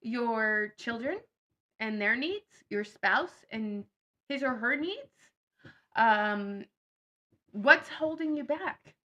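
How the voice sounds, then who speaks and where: A woman's voice: on the high side, expressive, slow pace, bright, forceful tone, muffled recording. A woman vlogger in casual chat, blunt and sarcastic.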